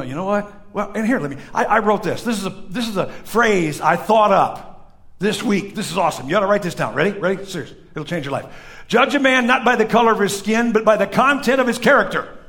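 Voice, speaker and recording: A man preaches a sermon to his congregation in a fairly high voice with a gravelly edge. He swings between shouted, emphatic lines and soft, hushed stretches. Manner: animated preaching with sudden loud peaks and hushed drops. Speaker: pastor. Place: church sanctuary with a congregation.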